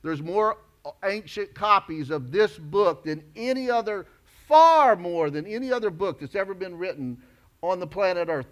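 A male pastor preaching a sermon emphatically, rising to loud declarations and dropping low.

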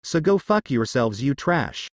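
A man's voice: medium pitch, very animated, measured pace, no echo. A man voicing a grieving, hot-headed young male soldier in a fan story reading, swearing and stammering. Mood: raging.

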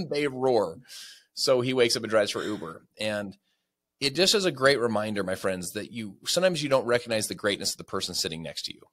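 A man's voice: fairly low pitch, expressive, fairly quick, fairly bright tone. A man as a podcast guest, telling a story with energy and closing with a motivational speech. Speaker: guest, sales leader.

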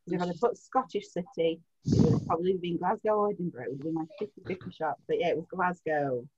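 A woman's voice: lowish voice, fast talker, darkish tone, slightly rough. A woman hosting a quiz night on a video call, reading out answers in a chatty way and laughing easily. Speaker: quiz host. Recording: muffled lo-fi video call audio.

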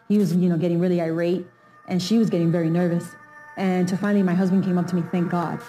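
Woman, mellow tone, earnest documentary interviewee. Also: fairly low pitch, level tone, fast, soft background music. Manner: emphatic, earnest storytelling.

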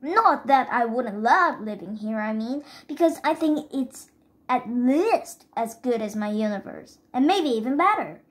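Woman reading a polite kid pleading, slow pace, kinda high. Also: expressive. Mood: earnest. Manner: polite, pleading, says sir. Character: earnest boy hero, polite and hurried.

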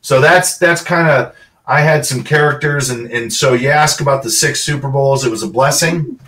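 Storytelling former football player, off-mic. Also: male voice, mid-range voice, moderate pace, distant mic. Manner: animated storyteller, acts out quoted dialogue. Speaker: interview guest, former pro football player. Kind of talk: casual storytelling.

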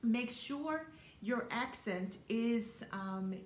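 A woman's voice: fairly high pitch, animated, extremely slow, a little hiss or hum. A woman concert pianist teaching a piano lesson, thoughtful and full of small ums, sometimes singing rhythms. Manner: thoughtful, many ums, sings rhythms aloud. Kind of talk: piano masterclass explanation. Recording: roomy echo with piano playing.

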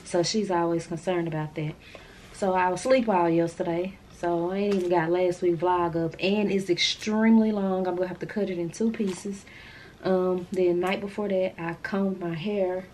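A woman's voice: lowish voice, steady tone, normal speed, darkish tone, slight background noise. A woman vlogger chatting casually to the camera, rambling and calling her viewers y'all.

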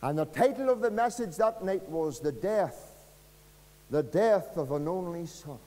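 A man with a Northern Irish accent preaching an evangelistic sermon, earnest and pleading, dropping to a hush and rising again. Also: on the high side, lively intonation, measured pace. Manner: earnest, pleading, dramatic swings from loud to hushed. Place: church. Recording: long reverb of a church hall.

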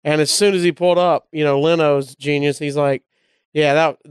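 A comedian from Alabama with a Southern accent, telling a story casually and acting out the voices of the people in it. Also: male voice, fairly high pitch, steady tone, normal speed, clear, resonant tone, no room sound, studio quality. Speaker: comedian guest.

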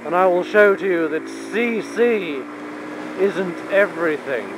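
A British man vlogging while riding a motorbike, shouting over the wind and joking as he urges his bike faster. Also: high voice, animated. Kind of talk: casual chat while riding. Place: outdoors, riding a motorbike on a dual carriageway. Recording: loud wind and traffic noise.

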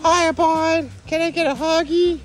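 In this casual family vlog, a dad shops with his toddler inside a large warehouse store, talking in a playful, sing-song baby-talk way and laughing a lot. His voice is very high-pitched, with a steady tone and normal speed. Music runs beneath him.

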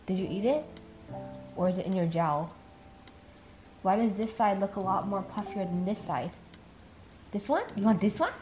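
A woman's voice: mid-range voice, normal speed, long pauses, darkish tone, soft background music. A young woman vlogging at home, coaxing her dog in baby talk and chatting to viewers. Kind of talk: casual vlog, talking to her dog.

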